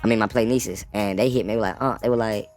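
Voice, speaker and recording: A man's voice: lowish voice, steady tone, fast talker, a little mellow, soft background music. A man telling his side of a story in casual chat, laid-back and slangy, often checking in with the listener. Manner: laid-back, slangy, keeps adding "you know what I'm saying".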